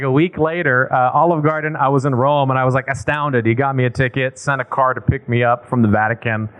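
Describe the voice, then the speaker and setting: A man, a priest, giving a casual retreat talk, telling stories with fillers and acted-out dialogue. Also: mid-range voice.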